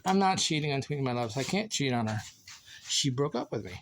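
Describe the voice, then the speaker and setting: A man's voice: mid-range voice, expressive, a little fast, a little hiss or hum. A sleepy, goofy man rambling playfully in a casual vlog, recorded outdoors in his yard on a phone held on a selfie stick. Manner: goofy, playful, sing-song, laughs often. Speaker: vlogger. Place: outdoor yard after mowing.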